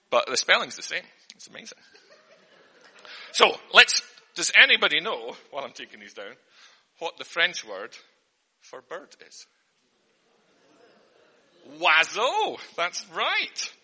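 Comic man as a mock teacher, sharp bright tone, bouncy pitch, flustered earnest patter. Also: husky. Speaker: comedian. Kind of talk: mock spelling lesson for an audience. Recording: long hall reverb.

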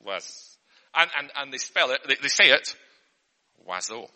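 Very bright, lively man. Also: medium pitch, normal speed. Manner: earnest teacher patter, flustered and self-interrupting. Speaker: comedian. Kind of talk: mock spelling lesson for an audience. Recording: long hall reverb.

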